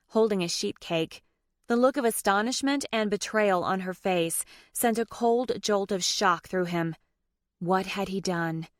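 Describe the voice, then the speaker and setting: Narradora de audiolibro con voz grave. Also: female voice, lowish voice, a bit bright, no echo, studio quality. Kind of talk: scripted narration.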